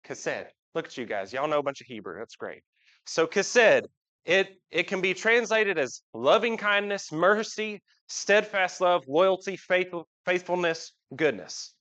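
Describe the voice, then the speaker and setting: Chatty preacher, slightly high voice. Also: male voice, expressive, measured pace, fairly bright tone. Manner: chatty, asks the congregation questions. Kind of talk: casual live sermon. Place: church sanctuary. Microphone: live church recording. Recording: dull lo-fi live church recording.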